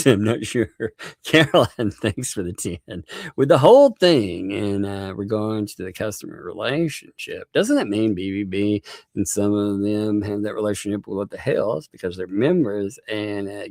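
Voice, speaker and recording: A man's voice: on the low side, a little mellow, dry recording, studio quality. A man hosting a live stream, chatting casually, laughing often and thanking viewers by name.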